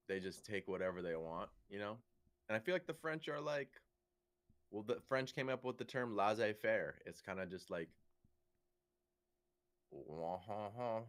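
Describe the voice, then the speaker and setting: A man's voice: on the low side, a bit bright. A young man co-hosting a casual comedy podcast, laid-back and joking crudely. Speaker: podcast co-host.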